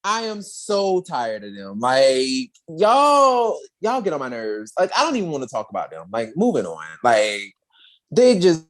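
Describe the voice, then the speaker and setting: Podcast co-host, sassy slangy delivery, very lively pitch. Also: moderate pace. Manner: sassy, slangy, animated retelling with acted quotes. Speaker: podcast co-host recapping a comic. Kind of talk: casual chat.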